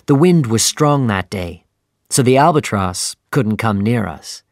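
A man narrating a simplified sea novel in a slow, clear, even storytelling manner. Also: medium pitch, no echo, clean studio sound. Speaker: audiobook narrator.

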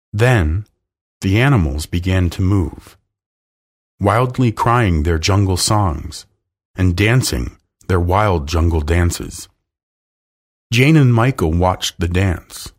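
A man reading a children's storybook aloud in a calm, measured way. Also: sits low. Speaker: narrator.

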